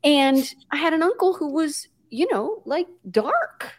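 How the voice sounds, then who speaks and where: A woman's voice: high voice, measured pace. Chatty American woman telling stories. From United States. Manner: lively, many fillers, mixes in Spanish words. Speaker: guest. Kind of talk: conversational storytelling.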